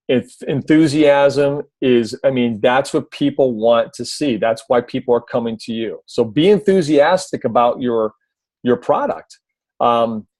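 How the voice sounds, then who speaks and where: On a team call, a man with a mid-range voice offers casual video tips, full of fillers and restarts, and briefly imitates a loud announcer. The recording is dry.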